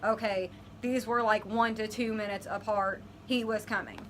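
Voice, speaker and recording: A woman's voice: medium pitch, steady tone, moderate pace, a little hiss or hum, low-quality recording. A young woman vlogging, animatedly retelling a personal story and acting out her own reactions. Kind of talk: storytelling vlog.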